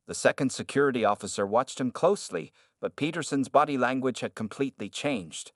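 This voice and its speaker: A man narrates a scripted drama in a steady, even manner. His voice sits in a middle pitch range. The recording is close and very dry, with no room sound. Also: a little fast, dry recording.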